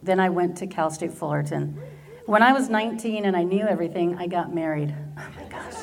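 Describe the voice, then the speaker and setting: A woman's voice: on the low side, brisk, gravelly, a faint crowd. A woman in her fifties from Southern California with an American accent, giving her personal faith testimony as a humorous storyteller who laughs often. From Southern California, USA. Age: 50s.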